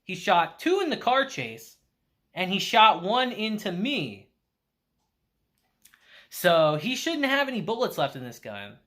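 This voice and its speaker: Male anime reviewer, casual and animated, with a lively pitch. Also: unhurried, pauses often. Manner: animated storytelling with acted-out quotes. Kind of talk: casual episode recap.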